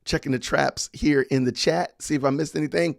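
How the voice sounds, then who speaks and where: A man's voice: on the high side, steady tone, fairly quick, creaky, dry recording, studio quality. A man hosting a podcast livestream, chatting casually and reading viewer comments aloud with frequent laughs. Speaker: podcast host.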